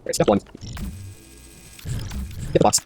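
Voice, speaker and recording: A man's voice: a little slow, a little mellow, faint music behind. A man hosting a casual let's-play of a puzzle game, rambling and talking to himself as he works through it, swearing now and then. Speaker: gaming video host.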